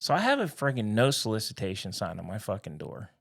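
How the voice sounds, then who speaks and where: A man's voice: on the low side, wildly swooping pitch, fast, vocal fry, a bit bright, breathy edge. A man in his fifties co-hosting a casual podcast, ranting grumpily and swearing freely. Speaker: podcast co-host.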